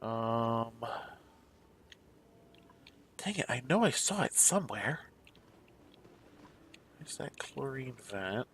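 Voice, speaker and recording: A man's voice: mid-range voice, big pitch swings, takes it slowly, long pauses, a bit bright, slight background noise. A man giving casual, mumbling let's-play commentary, musing aloud to himself as he searches around a game map. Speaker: gameplay commentator.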